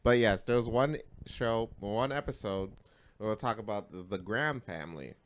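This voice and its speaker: A man co-hosting a podcast, telling a story in casual, profane, animated talk that swings between loud and mumbled. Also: on the low side, normal speed, slight background noise. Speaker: podcast co-host.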